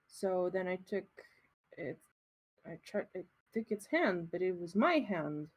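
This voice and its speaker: A woman speaking in character during a tabletop role-playing game, with halting, simple, unsure phrasing. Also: lowish voice, sing-song, soft background music, low-quality recording. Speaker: player.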